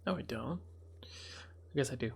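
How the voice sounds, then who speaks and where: A man's voice: medium pitch, expressive, measured pace, creaky, breathy edge. Male streamer, casual commentary, reads game text, laughs often.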